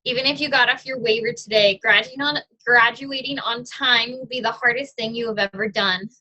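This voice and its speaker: A woman's voice: a little high, a little fast, pushed and bright, muffled recording. A woman voicing a stern, blunt but caring female drill sergeant who barks her orders. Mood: firm. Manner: barking, commanding.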